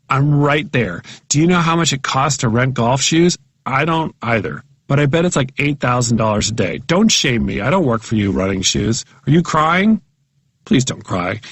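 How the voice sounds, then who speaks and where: A man narrates comic essays for an audiobook with a wry, self-mocking, chatty delivery. His voice sits at an ordinary middle pitch. The recording is close and dry, with no room sound. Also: a bit bright, no room sound.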